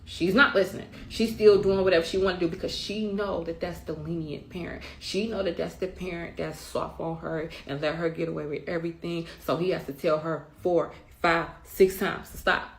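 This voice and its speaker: A woman's voice: on the low side, fairly even intonation, moderate pace, vocal fry, few pauses. A middle-aged woman speaking bluntly and with emphasis, often swearing, as a mother telling her side in a storytime rant. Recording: roomy echo.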